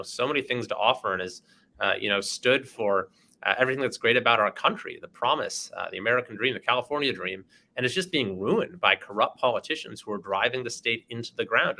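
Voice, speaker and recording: A man answering as an interview guest, halting with frequent fillers. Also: fairly low pitch, gravelly, pushed and bright. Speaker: guest politician.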